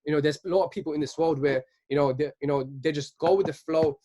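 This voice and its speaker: Fast-talking earnest young man. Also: on the high side, dark tone. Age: 20s. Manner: earnest, keeps asking "right?". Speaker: speaker at a virtual business event. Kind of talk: motivational talk.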